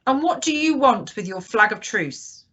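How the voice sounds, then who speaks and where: Curt commanding ship captain played by a woman reader, storybook read-aloud, bright and sharp. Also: mid-range voice, big pitch swings, moderate pace, highs cut off. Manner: clipped, commanding. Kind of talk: audiobook character reading.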